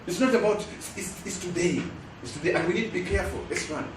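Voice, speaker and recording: A middle-aged man with a Ugandan English accent, a guest speaker and lecturer, delivers an emphatic preaching address in call-and-response style, letting the audience complete his lines. His voice is high-pitched and fast against a noisy background. The recording sounds like an echoey hall, with his voice coming from far away.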